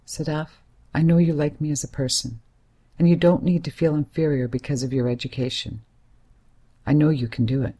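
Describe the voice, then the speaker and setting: A woman reading the part of a hesitant but serious young man, a gentle family friend, in an audiobook. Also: fairly high pitch, steady tone, brisk, slightly rough. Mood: pleading. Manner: hesitant yet serious, soothing.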